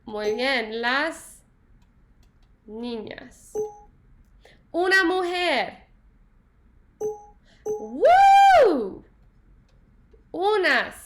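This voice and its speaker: Woman, Spanish teacher, high and unhurried, playful classroom energy. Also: a bit bright. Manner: upbeat, playful, sings snatches and praises answers. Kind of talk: classroom lesson.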